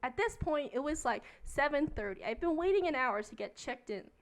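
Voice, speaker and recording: Young woman streamer ranting a story, high voice, says like every other word, super casual. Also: very animated, moderate pace. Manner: rambling, fills nearly every phrase with "like". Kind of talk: casual storytelling rant while gaming.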